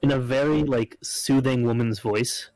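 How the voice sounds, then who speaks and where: A man's voice: medium pitch, steady tone, a little slow, a little mellow, no echo, rough recording. A man narrating as game master in a loose, casual way, full of fillers.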